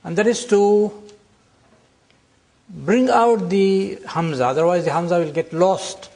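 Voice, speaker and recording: An older man teaching a classroom lecture, explaining slowly and deliberately and drawing out example words. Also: high voice, gravelly, a little mellow.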